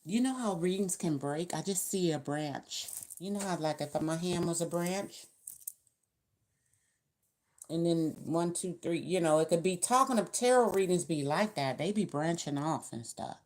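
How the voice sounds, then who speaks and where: A woman's voice: on the low side, moderate pace, a little mellow. A woman giving a casual tarot reading to camera, talking in a chatty, colloquial, rambling way. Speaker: tarot reader.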